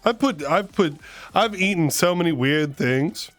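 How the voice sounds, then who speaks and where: A man's voice: a little high, lively intonation, measured pace, a bit bright, soft background music. A man hosting his live stream, telling rambling, self-mocking stories in a playful, casual way. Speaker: streamer host. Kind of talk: casual storytelling chat.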